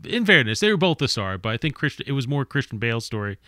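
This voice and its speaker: A man's voice: medium pitch, very animated, fast talker, sharp tone, no echo, studio quality. A man co-hosting a podcast, reviewing a movie casually with frequent stammered restarts.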